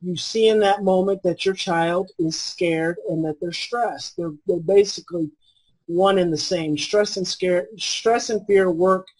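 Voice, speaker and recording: A man in his forties, a parenting expert guest, explaining in a calm, earnest way and repeating his key phrases. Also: sits high, unhurried, low-quality recording. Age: 40s. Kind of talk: conversational explaining.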